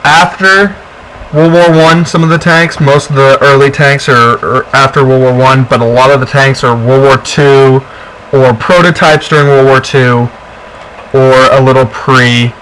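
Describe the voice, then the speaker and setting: A man's voice: medium pitch, fairly even intonation, measured pace, fairly bright tone, slight background noise, rough recording. Chatty young man explaining a game. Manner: chatty, rambling with fillers. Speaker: co-host of a gameplay video. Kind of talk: casual gameplay walkthrough.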